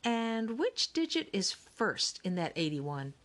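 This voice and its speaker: A woman's voice: medium pitch, sing-song, takes it slowly, fairly bright tone, pitched above the performer's own voice. A woman reading an audiobook, voicing an eager, impatient young girl. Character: eager impatient girl, sibling who sketches.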